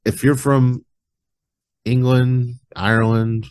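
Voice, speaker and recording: A man hosting a podcast in casual chat, relaxed and rambling, filling his talk with "like", over a video call webcam. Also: medium pitch, slow pace, clean tone.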